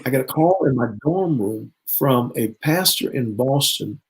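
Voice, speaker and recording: A man's voice: mid-range voice, lively intonation, measured pace, rough recording. A man in his fifties, a bishop who is a guest, telling his personal testimony in conversation. He is an earnest storyteller who acts out remembered dialogue.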